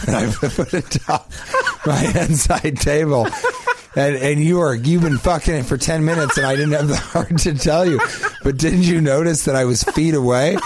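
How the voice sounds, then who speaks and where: A man hosting a comedy podcast, telling crude, absurd stories in a deadpan, rambling way. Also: on the high side, normal speed, background noise.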